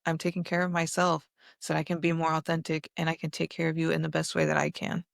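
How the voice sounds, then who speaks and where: A woman's voice: deep voice, monotone, fast, gravelly, no room sound, clean studio sound. A woman co-hosting a podcast, talking earnestly and reflectively in long run-on sentences. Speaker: podcast co-host. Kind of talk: casual chat.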